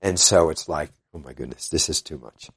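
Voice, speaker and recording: An older man, a guest in an interview, earnestly retelling events in a halting way and quoting what others said. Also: a bass voice, vocal fry, fairly bright tone, husky. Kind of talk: casual storytelling interview.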